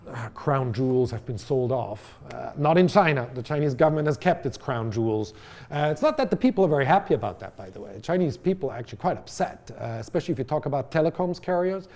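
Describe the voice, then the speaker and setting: In a lecture hall, a man delivers a college lecture at a fast clip, his medium-pitched voice expressive and somewhat dark in tone. He keeps it conversational, with fillers and false starts, and now and then turns to the audience with questions.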